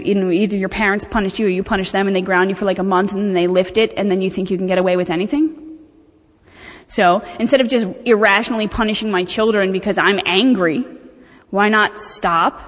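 Candid woman talking in a reverberant hall. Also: mid-range voice. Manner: candid, animated, self-mocking. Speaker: speaker sharing recovery experience. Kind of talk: personal talk at a recovery meeting.

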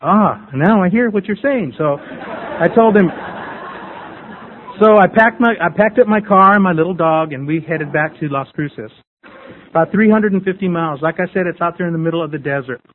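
A man's voice: fairly high pitch, moderate pace, long pauses, a faint crowd, slight background noise. A man candidly sharing his recovery story with a group, talking in a repetitive, storytelling way. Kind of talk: personal testimony to a group. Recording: tinny phone-like radio sound.

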